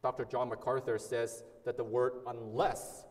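A man's voice: mid-range voice, level tone, normal speed. Earnest male preacher in a reverberant hall. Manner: earnest, emphatic preaching with repetition and restarts. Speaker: pastor. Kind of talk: sermon.

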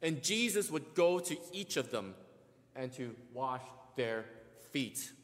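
A male preacher with a middle-pitched voice moves slowly and step by step through scripture in his sermon, his intonation lively. He frequently restarts his words and acts out the quoted lines, while long hall reverb trails each phrase.

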